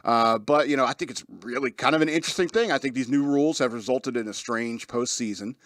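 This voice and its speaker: A man's voice: mid-range voice, fast talker, fairly bright tone, no echo. A man hosting a casual radio talk show, rambling with frequent laughs and restarts. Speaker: host.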